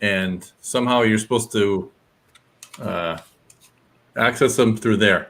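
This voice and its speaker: Low-voiced man griping on a podcast. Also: takes it slowly, a bit bright. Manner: complaining, explanatory. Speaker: podcast co-host. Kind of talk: casual chat.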